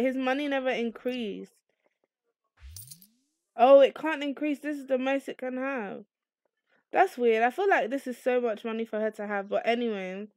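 A woman hosting a let's play, giving casual, excitable commentary on her game and cursing freely. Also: fairly high pitch, no room sound. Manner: excitable, chatty, swears freely.

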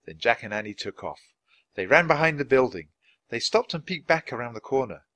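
A man reading a children's chapter book aloud clearly and expressively at a natural pace. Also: mid-range voice, animated, fairly quick, bright, forceful tone, dry recording. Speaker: storybook reader.

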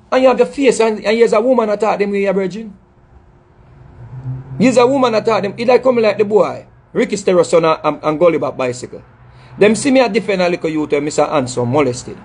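A middle-aged dancehall artist with a Jamaican accent addresses his audience in an impassioned, emphatic, scolding monologue, repeating phrases and stumbling over words. His voice is high, husky and darkish, and he talks a little fast.

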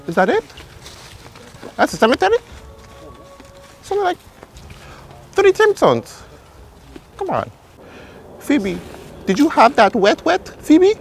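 A man's voice: very high voice, creaky, exaggerated voice. Man playing jittery Luigi. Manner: rambling, jokey, jumpy, keeps panicking. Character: jittery cowardly adult male plumber Luigi. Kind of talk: comedy skit role-play. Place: outdoors in a village.

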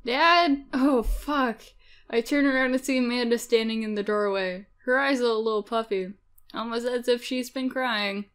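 A woman's voice: fairly high pitch, steady tone, a little fast, clean tone. A woman playfully reading a dating-sim game aloud, narrating and voicing the lead dad. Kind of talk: reading a visual novel aloud.

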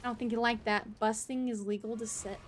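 A woman streaming a game live, chatting with a friend and talking to herself, swinging between quiet mutters and loud outbursts. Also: on the high side, little pitch movement, brisk, a little hiss or hum. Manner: talks to herself and chats with a friend while playing.

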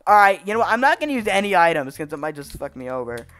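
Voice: medium pitch, big pitch swings, very fast, fairly bright tone. A gaming channel host giving gameplay commentary, frustrated and swearing, with raging outbursts.

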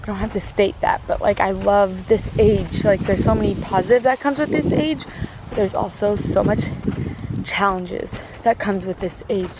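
In a casual day-in-the-life vlog, a young mother talks directly to viewers on her handheld phone, moving from home to a walk outdoors and a park, peppering her speech with "like" and "literally." She speaks at a normal speed in a mid-range voice over heavy background noise and underlying music.

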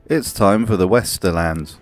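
A man's voice: deep voice, unhurried, faint music behind. Dry, sarcastic male narrator. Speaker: host. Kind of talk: comedic video essay narration.

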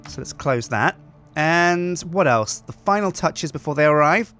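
A man's voice: a little high, lively intonation, unhurried, fairly bright tone, faint music behind. Chatty man narrating gameplay. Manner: chatty, upbeat, thinks aloud. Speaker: host. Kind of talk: game commentary.

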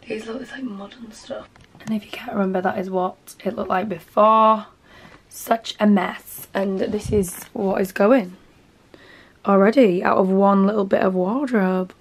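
A young woman with a Yorkshire accent chatting excitedly to camera at home as she sorts her things. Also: a little high, noisy background. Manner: chatty and excitable, talks to camera while sorting. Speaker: vlogger. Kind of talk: casual vlog chat. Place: bedroom at home.

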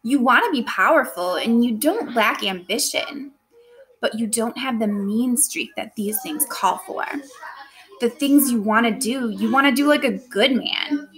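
A woman's voice: a little high, expressive, unhurried, fairly bright tone, rough recording. A woman teacher voicing a scheming, ambitious noblewoman, reading dramatically with a put-on accent. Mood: persuasive.

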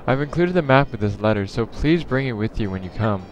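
A man's voice: medium pitch, expressive, a little fast, dull audio, slight background noise, lightly acted. A man voicing a gracious princess, reading her letter aloud in a polite tone.

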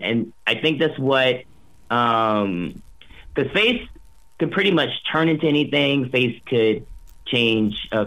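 A man's voice: medium pitch, bright, forceful tone, poor audio. Upbeat young man with many restarts. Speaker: voice actor guest. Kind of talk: casual interview chat.

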